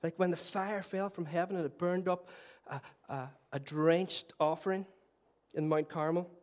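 A middle-aged man preaching a sermon, earnest and swinging between loud declarations and soft, tender passages, with self-deprecating humour. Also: on the high side, steady tone, normal speed. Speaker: pastor.

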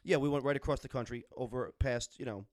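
A man's voice: medium pitch, fast talker, no room sound, clean studio sound. A man in casual chat, blunt and wisecracking.

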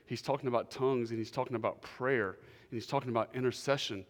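A male pastor preaching a sermon, emphatic, repeating key phrases and dropping to quieter asides. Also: mid-range voice, fairly even intonation, fast, long reverb tail. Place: church.

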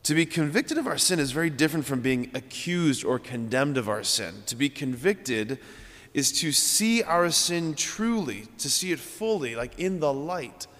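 Priest giving a homily, earnest, repeats phrases for emphasis, long church echo. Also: male voice, fairly high pitch, animated, moderate pace, fairly bright tone. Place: large church.

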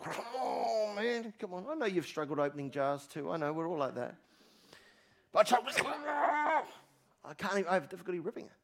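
A man preaching a sermon as pastor, animated and emphatic, repeating phrases for emphasis. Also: a little high, vocal fry. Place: church.

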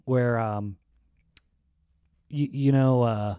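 A man's voice: medium pitch, very slow, clear, resonant tone, no echo. A man co-hosting a casual podcast, telling a rambling anecdote and acting out the people in it. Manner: rambling anecdotes with animated quoted voices. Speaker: podcast co-host. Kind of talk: casual chat, storytelling.

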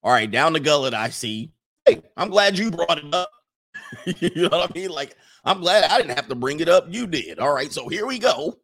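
A young man hosting a casual livestream, reading viewer messages aloud and riffing on them, animated and laughing often. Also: fairly high pitch, normal speed. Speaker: livestream host reading super chats.

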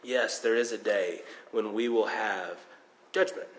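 A man preaching a sermon, animated, swinging between loud emphasis and hushed tones, with self-deprecating jokes. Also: fairly low pitch, unhurried, a little hiss or hum. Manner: jokes at his own expense. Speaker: pastor. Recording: long reverb in a large hall.

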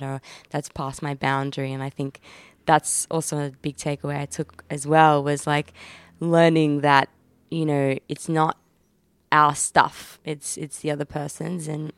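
Australian female guest, reflective soft talk, low gravelly but smooth voice, dry sound. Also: flat delivery, normal speed, no room sound. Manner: soft, reflective, laughs easily. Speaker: podcast guest. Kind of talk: casual chat.

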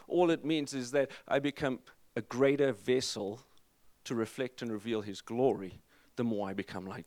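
A man preaching a sermon as pastor, energetic and emphatic, with jokes to the congregation. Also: medium pitch, no room sound.

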